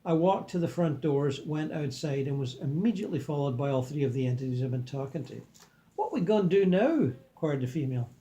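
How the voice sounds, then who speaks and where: Calm man reading aloud, mellow tone. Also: mid-range voice, quick pace, hardly any pauses. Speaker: reader and commentator. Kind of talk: reading a book aloud with comments.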